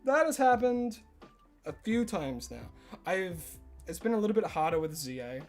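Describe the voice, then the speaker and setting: High-voiced young Australian man. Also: big pitch swings, moderate pace. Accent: Australian with some American influence. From Tasmania, Australia. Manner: chatty, answers chat, self-mocking. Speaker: streamer. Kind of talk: casual live-stream chat. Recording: faint music behind.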